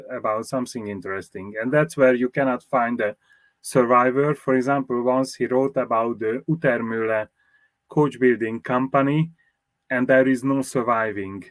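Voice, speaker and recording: Measured man explaining in a dry recording. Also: mid-range voice, dry recording. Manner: measured, explanatory, with fillers and restarts. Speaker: motoring historian and magazine publisher. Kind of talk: interview answers.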